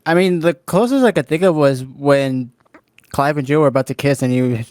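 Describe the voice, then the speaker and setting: A man's voice: on the high side, normal speed, darkish tone, dry recording, studio quality. A man chatting casually, hesitant and thoughtful. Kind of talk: casual chat.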